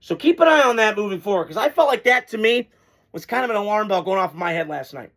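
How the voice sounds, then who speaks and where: A man's voice: high-pitched, expressive, fast, fairly bright tone. A man hosting a casual football reaction vlog, blunt and rambling, swearing freely as he gives his takes. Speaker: sports commentator host.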